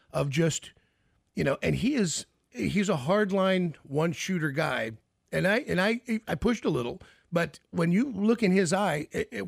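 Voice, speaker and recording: A radio host man with a gravelly, husky voice, fairly high for a man. He rambles through stories and questions in a loose, chatty way with many restarts. The sound is dry and close. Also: no echo. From Kansas City. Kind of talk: casual interview chat.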